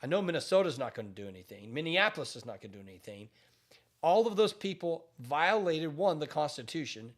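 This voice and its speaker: A man's voice: on the high side, big pitch swings, a little fast. A man speaking as a pastor, giving emphatic commentary on current events with repeated phrases and frequent restarts.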